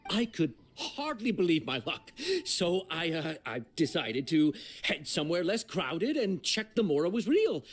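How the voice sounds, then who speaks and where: An actor voicing a jittery young man in a video game, nervous and stammering as he defends himself. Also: high voice. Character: jittery young man caught in a shady deal.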